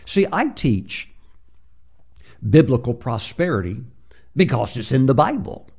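A man's voice: mid-range voice, sing-song, unhurried, vocal fry, long pauses, darkish tone, breathy edge. A man preaching a sermon, telling a story with many filler uhs and acting out the voices he quotes.

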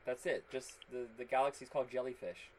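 A man's voice: mid-range voice, steady tone, a little fast, a little hiss or hum, rough recording. A man co-hosting a casual podcast chat, wry and amused as he reads from notes about a film. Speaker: podcast co-host.

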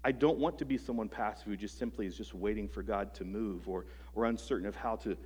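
A man preaching a sermon to a congregation. He is earnest, asks them rhetorical questions, restarts phrases often and lets his sentences trail off softly. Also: on the low side, slightly rough. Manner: halting restarts, soft trailing phrase ends. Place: church service before a congregation.

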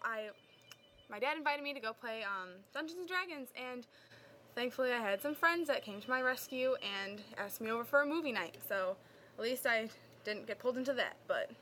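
Female guest, higher pitch, playful joking manner, casual chat. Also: expressive, fairly quick, pushed and bright, slight background noise. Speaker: host's daughter as guest.

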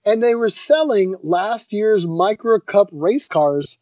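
A man's voice: high voice, animated, takes it slowly, a little mellow, dry recording. A man co-hosting a podcast in casual chat, enthusiastic and laid-back, often saying "man" and "dude". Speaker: podcast co-host.

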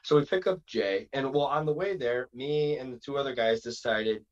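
A man, a pro wrestler guest, telling stories in a casual interview, lively and quick to slip into quoted voices and asides. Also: mid-range voice, highs cut off.

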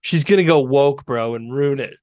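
A man's voice: mid-range voice, normal speed, a little mellow, no echo, clean studio sound. A man co-hosting a podcast in casual chat, sarcastic and often laughing. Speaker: podcast co-host.

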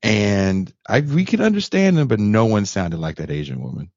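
A man hosting a podcast, chatting casually and telling animated, joking stories. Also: on the low side, moderate pace, vocal fry, dry recording. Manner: animated, laughing, storytelling. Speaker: podcast host. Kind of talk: casual chat. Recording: dull lo-fi sound.

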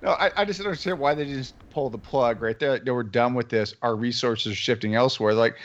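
A man's voice: medium pitch, quick pace, few pauses, dull audio. A man on a casual podcast, arguing emphatically and repeating words for stress.

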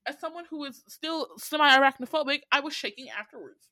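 A woman's voice: high-pitched, fast, no room sound. A woman from Georgia with a Southern accent, hosting a podcast and telling stories in a casual, profane, dramatic way. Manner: animated, profane, dramatic voice swings. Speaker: podcast host.

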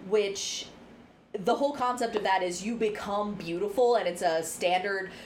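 A woman's voice: medium pitch, normal speed. A young adult woman co-hosting a podcast, chatting casually and frankly, rambling through her points and swearing now and then. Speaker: podcast co-host. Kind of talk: casual chat. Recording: faint background noise.

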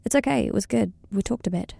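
A woman voicing a gentle, anxious young man who speaks quietly and hesitantly, in a storybook reading. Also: fairly high pitch, quick pace, gravelly, slightly rough, no room sound, full character voice. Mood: subdued.

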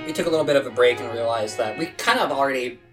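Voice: medium pitch, very fast, over music, low-quality recording. A podcast co-host in casual chat, rambling and sardonic, often breaking off mid-sentence. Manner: rambling, sardonic, self-interrupting.

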